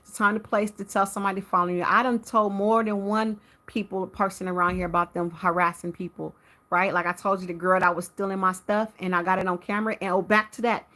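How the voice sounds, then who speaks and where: A woman with a bright, forceful voice recounts a run-in with a neighbor on a live stream. Her pitch sits in a middle range. She talks straight to her viewers, heated and animated. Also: fast talker. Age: adult with a teenage son. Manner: addresses viewers directly. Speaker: livestream host.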